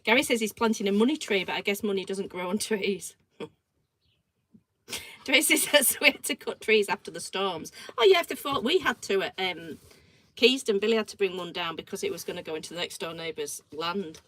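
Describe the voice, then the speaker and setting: A woman's voice: mid-range voice, normal speed, poor audio. A middle-aged woman, co-hosting a casual chat show and telling stories animatedly, acting out what people said. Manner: animated storytelling, acts out quoted dialogue. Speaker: co-host.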